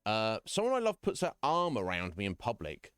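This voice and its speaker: A man's voice: lowish voice, huge pitch swings, moderate pace, fairly bright tone, clean tone, dry recording, clean studio sound. A man live-streaming from home, chatting casually with viewers in a frank, rambling way, often breaking into chuckles. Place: home room.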